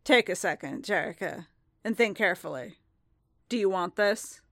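Woman reading as a commanding man in a storybook, low, measured and deliberate, dry close sound. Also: animated, dry recording. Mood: soft. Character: stern commanding adult male bounty hunter.

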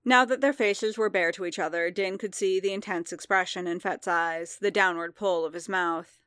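A woman narrating a story in a measured, calm reading voice, close to the mic. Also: lowish voice, dry recording. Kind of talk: audiobook fan fiction reading.

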